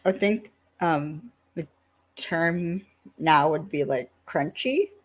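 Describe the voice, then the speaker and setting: A woman co-hosting a podcast, casually recapping an episode with lively acted-out quotes and frequent laughs. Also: low voice, slow, breathy edge. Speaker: podcast co-host.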